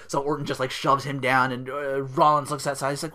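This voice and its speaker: Rambling, bright-voiced podcast host man. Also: medium pitch, moderate pace. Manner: rambling, profane, lots of fillers. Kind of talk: casual solo podcast recap.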